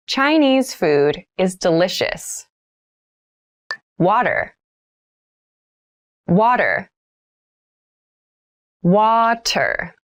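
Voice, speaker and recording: Female vocabulary teacher, very slow and careful, lively pitch, repeats every word. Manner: repeats each word and example sentence three times, explaining plainly. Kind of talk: slow, clear vocabulary lesson with repeated words.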